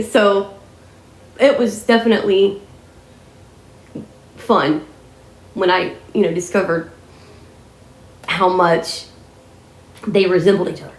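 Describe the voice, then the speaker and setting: A woman raised in the American South, chatting and telling stories in a rambling, casual way. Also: mid-range voice. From Southern United States. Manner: chatty, rambling, often says "freaking". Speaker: vlogger. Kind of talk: casual storytelling chat. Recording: echoey room.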